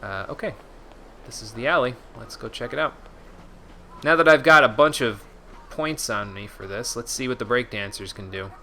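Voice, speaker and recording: A man's voice: medium pitch, moderate pace, bright, forceful tone, a little hiss or hum. A man streaming a video game, reading menu text aloud and chatting casually with his viewers. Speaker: gaming streamer. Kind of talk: casual let's-play commentary.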